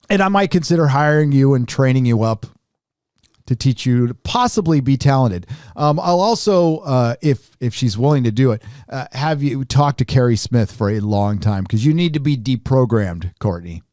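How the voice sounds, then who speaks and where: A man's voice: medium pitch, animated, normal speed, a little mellow, no echo. Middle aged guy hosting his show, sarcastic and mocking, voice bounces up and down a lot, dry close sound. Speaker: host. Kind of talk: casual commentary.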